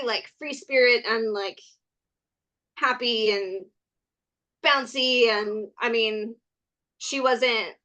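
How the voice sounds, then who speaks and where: A woman from California, a podcast guest, telling stories in a lively, casual way, laughing often and saying "like" a lot. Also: fairly high pitch. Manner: animated, laughs often, many "like" fillers. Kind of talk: casual storytelling chat.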